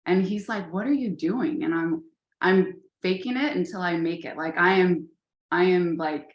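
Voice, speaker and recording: A woman gives encouraging, casual pep-talk advice to her sales team on a call, talking with many fillers and calling her listeners "you guys." Her voice sits a little low. It carries a noticeable echo from the room around her. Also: moderate pace.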